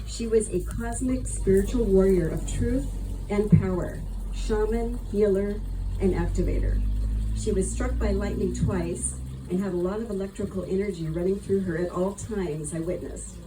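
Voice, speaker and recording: A woman's voice: mid-range voice, normal speed, background noise. A woman giving an earnest, affectionate memorial tribute at a gathering. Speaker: eulogy speaker.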